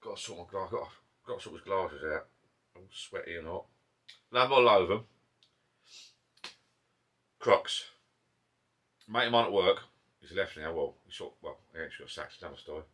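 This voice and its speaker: Husky low-voiced Essex man chatting. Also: brisk, a bit bright. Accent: Essex English. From Essex, England. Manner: rambling, chatty, self-interrupting. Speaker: vlogger. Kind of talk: casual chat over beers. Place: garden pub shed. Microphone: camera mic.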